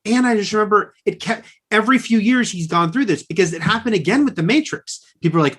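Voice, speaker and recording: A man's voice: high voice, lively intonation, fast talker, hardly any pauses, a bit bright. A man with a Californian accent co-hosting a podcast, chatting casually about movies, hedging and correcting himself often and laughing easily. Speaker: podcast co-host.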